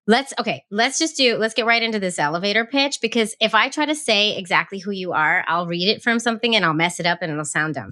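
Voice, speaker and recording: A woman's voice: mid-range voice, no echo, clean studio sound. Bubbly woman podcast host. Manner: bubbly, effusive, animated. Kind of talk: casual podcast hosting.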